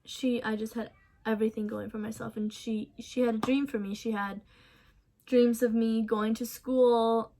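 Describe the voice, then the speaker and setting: A young woman in a casual storytime vlog, recounting events softly with many ums and restarts. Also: a little high, little pitch movement, moderate pace, a little hiss or hum. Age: young adult. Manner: casual, soft-spoken storytelling with many fillers. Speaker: vlogger.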